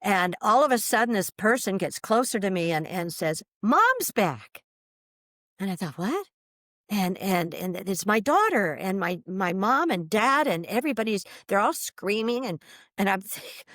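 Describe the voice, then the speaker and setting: Woman, podcast guest, expressive storytelling, many fillers and restarts, medium pitch. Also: moderate pace, no echo, studio quality. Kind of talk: animated personal storytelling.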